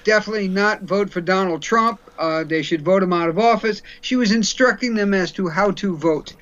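Radio guest commentator: man with a high voice, blunt and sarcastic, folksy, on dull lo-fi audio. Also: fairly quick, fairly bright tone. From New York.

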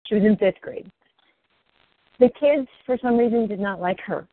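Candid, animated woman on a tinny line. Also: moderate pace, no room sound. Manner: candid, swearing, animated with rising pitch. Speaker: interview guest. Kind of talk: emotional personal storytelling. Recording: dry, tinny phone-like line.

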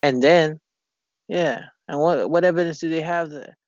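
A man in casual chat, rambling and halting, swearing often and restarting his sentences. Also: on the high side, darkish tone, dry recording. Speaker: conversation partner. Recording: dull lo-fi recording.

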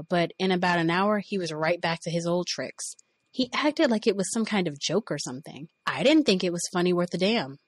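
A woman reading aloud from an autobiography in a measured, expressive storytelling manner. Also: on the low side, no echo, studio quality. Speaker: reader.

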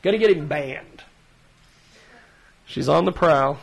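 A man's voice: on the high side, takes it slowly, gravelly, slightly rough, poor audio. A man hosting a casual podcast, rambling through a story and laughing as he goes. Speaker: podcast host.

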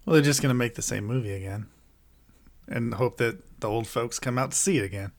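A man co-hosting a movie podcast, laid-back, blunt and quick to laugh. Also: mid-range voice. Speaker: podcast co-host. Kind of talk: casual movie podcast chat.

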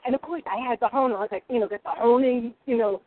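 A middle-aged woman telling kitchen stories in a lively, expressive way as a guest cook. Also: on the high side, fast, no room sound. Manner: lively, expressive, laughing storyteller. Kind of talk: animated storytelling chat. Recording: tinny phone-like line.

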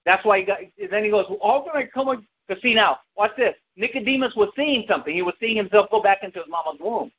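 A man's voice: sits high, fast, hardly any pauses. A man preaching a sermon, calling out to the congregation for responses and telling a story from his childhood. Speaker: pastor. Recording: tinny lo-fi with hiss.

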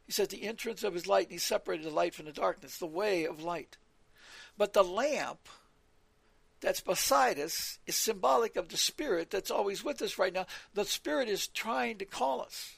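A man's voice: high-pitched, animated, moderate pace, vocal fry, a bit bright, slightly rough, dry recording. A man giving an earnest, rambling evening Bible talk, reading scripture aloud and explaining it verse by verse. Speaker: preacher.

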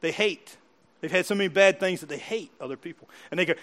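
A man preaching from the pulpit in a high voice, asking his listeners question after question. He builds to loud, emphatic peaks, then drops into quiet, soft asides. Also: fast talker. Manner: asks the listeners questions again and again. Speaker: pastor. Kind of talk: sermon.

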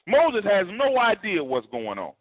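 Male pastor preaching with a swooping, lively delivery and a slightly high voice, heard over a tinny phone-like line. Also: a little slow, dry recording. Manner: animated, repetitive, conversational preaching. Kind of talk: sermon.

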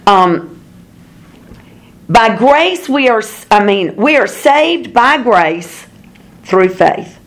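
A woman's voice: fairly high pitch, expressive, drawn-out words, long pauses. A woman leads a casual Bible study. She talks in a rambling, chatty way and fills her stories with fillers and asides. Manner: chatty storyteller, many fillers, laughs at herself. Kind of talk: informal Bible study teaching with personal stories.

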